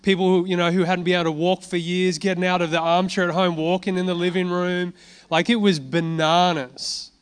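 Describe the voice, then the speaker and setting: A man preaching with an animated, storytelling manner, breaking off into casual asides and chuckles. His voice sits a little high for a man. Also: brisk, clear, resonant tone. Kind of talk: sermon with testimony.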